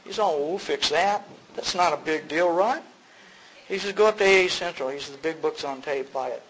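A middle-aged man tells his story at a recovery meeting in a relaxed, conversational voice pitched a little above the usual. He acts out both sides of the remembered conversations, jumping up in pitch, and laughs at himself. A faint room hum sits underneath. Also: brisk, rough recording. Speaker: speaker sharing at a recovery meeting. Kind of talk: personal testimony to a group.

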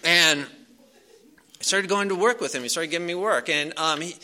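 A man with a slightly high, very bright and sharp voice tells a personal story to a crowd. He talks loosely and casually, with frequent fillers and restarts. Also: normal speed. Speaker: speaker sharing a recovery story. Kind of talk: casual storytelling to a live audience.

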